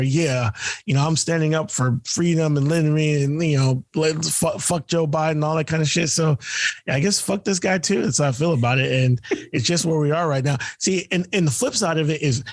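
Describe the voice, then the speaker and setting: A man's voice: fairly high pitch, normal speed, dry recording, clean studio sound. A man co-hosting a podcast, telling stories in a loose, profane, casual way, full of fillers and laughs. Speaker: podcast co-host. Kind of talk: casual chat.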